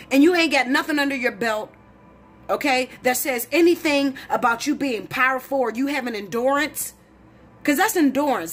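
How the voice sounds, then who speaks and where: Blunt, profane woman ranting, voice leaping high. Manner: blunt, profane, preachy, rising to shouts. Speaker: tarot reader. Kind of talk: heated monologue to camera.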